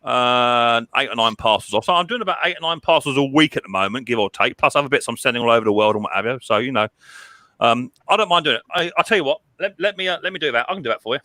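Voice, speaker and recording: A man, hosting a casual livestream chat, chatty and quick to laugh, often repeating himself. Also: mid-range voice, lively intonation, pushed and bright, no room sound. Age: 30s. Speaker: livestream host.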